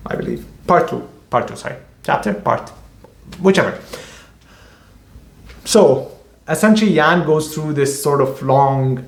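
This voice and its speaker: Rambling man in an echoey room. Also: medium pitch. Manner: rambling, halting, many fillers and restarts. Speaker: author. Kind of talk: casual book discussion.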